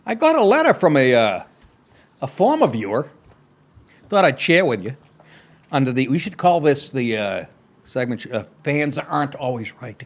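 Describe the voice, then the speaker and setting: A man hosting a comedy podcast, ranting in a profane, sarcastic, exasperated way, swinging between loud outbursts and muttered asides. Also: mid-range voice, very animated, moderate pace, pauses often.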